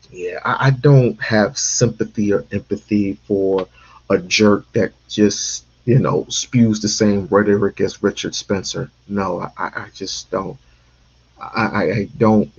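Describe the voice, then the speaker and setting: A man's voice: lowish voice, husky, dull audio. A man hosting a casual commentary stream, talking emphatically and repeating himself for stress. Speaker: stream host.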